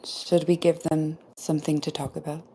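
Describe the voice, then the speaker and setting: A woman in a casual group chat, talking in a calm, musing way. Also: sits low, normal speed, breathy edge.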